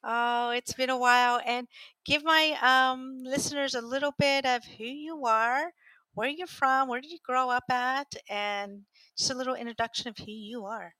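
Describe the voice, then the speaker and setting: A woman hosts a casual talk show interview, chatty and encouraging, stumbling through fillers as she asks questions. Her voice is bright and sits a little high. The sound is dry and close. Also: fairly even intonation, moderate pace, dry recording.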